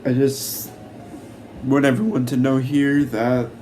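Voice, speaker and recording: A man's voice: mid-range voice, flat delivery, takes it slowly, mellow, a little hiss or hum. A man casually recapping a movie he loves, rambling with many fillers and swearing freely. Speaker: YouTuber reviewing a movie.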